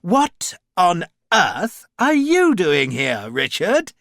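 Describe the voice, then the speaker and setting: A suave, genteel renegade officer, as a male narrator puts him on, lifted well above the reader's own pitch and full of sly amusement. His speech lilts up and down with lively, mocking ease. The reading is dry and close, with no room around it. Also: very slow, vocal fry, dry recording, heavily acted. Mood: urbane, mocking. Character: smooth, cheerful aristocratic renegade officer, man.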